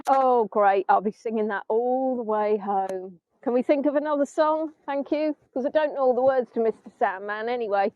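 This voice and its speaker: A woman's voice: on the high side, normal speed, no echo. A middle-aged English woman guiding a live virtual tour from the sand dunes. She chats to viewers, mocks herself and breaks into bits of song. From England. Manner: chatty, self-mocking, breaks into snatches of song. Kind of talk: casual live-stream chat. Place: outdoors in sand dunes by the sea. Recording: dull, dry phone-stream audio.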